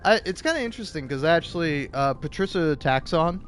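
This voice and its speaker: A man hosting a gaming video, ranting casually with constant swearing and lots of filler words, building into loud outbursts. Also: on the high side, expressive, a little fast, soft background music. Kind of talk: casual profane rant.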